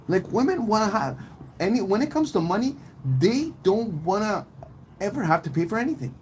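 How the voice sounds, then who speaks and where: A man's voice: high-pitched, very animated, brisk, a little mellow, a little hiss or hum, rough recording. Rambling, fired-up podcast man. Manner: rambling and emphatic, heavy slang and swearing, many restarts. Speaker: podcast host. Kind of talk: casual opinionated podcast chat.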